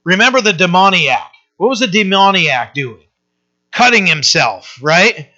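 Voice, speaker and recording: Bright-voiced man preaching a casual sermon. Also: high voice, animated, a little slow. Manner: restarts often, tags lines with "right?". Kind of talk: conversational sermon. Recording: dull lo-fi recording.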